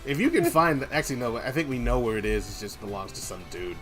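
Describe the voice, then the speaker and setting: Lively joking young man on stream. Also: medium pitch, quick pace, over music. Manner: joking, teasing, animated. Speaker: game developer streamer. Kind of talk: casual stream chat.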